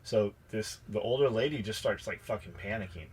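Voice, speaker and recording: A man's voice: fairly low pitch, fairly quick, slightly rough. A man co-hosting a podcast who bluntly tells a workplace story, swearing often and acting out the dialogue. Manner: blunt, profane, acts out dialogue. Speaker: podcast co-host. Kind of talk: casual storytelling chat.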